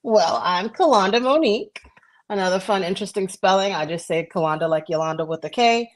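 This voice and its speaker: A woman's voice: medium pitch, expressive, fairly quick. A woman co-hosting a casual podcast on her cell phone, chatty and supportive, laughing often. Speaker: podcast co-host.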